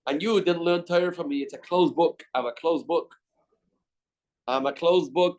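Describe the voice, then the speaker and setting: A man's voice: fairly high pitch, normal speed, a little mellow. Man reading and explaining Talmud. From Canada. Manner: mixes Aramaic reading with English explanation, acts out the dialogue. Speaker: Talmud teacher. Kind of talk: daily Talmud class. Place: study hall.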